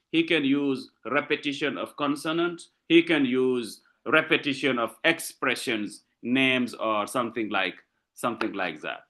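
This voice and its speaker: Slow, lively-pitched male lecturer. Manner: slow, repetitive teaching with frequent "okay?" checks. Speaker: literature lecturer. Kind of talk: university lecture.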